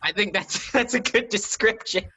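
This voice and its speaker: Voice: mid-range voice, normal speed, sharp tone, slightly rough. A young college improv member chatting on a livestream and steering the conversation with friendly questions. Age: young adult. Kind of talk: casual chat on a livestream.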